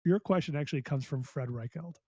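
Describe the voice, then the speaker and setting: A man's voice: fairly high pitch, a little fast, a crowd in the background. A man hosting a podcast interview, chatting enthusiastically and casually with fillers. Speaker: podcast host.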